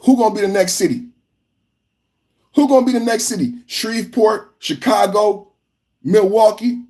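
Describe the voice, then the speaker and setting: A male podcast host from California gives live reaction commentary in an emphatic, repetitive rant. His voice sits high with a darkish tone, at a moderate pace.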